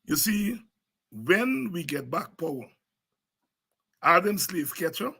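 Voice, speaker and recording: A husky-voiced man with a Guyanese Creole accent hosts a political show and preaches his points with fire and repetition. His voice sits high and sounds piercingly bright and tense. He drifts in and out of Creole as he talks. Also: big pitch swings, takes it slowly. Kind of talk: impassioned political commentary.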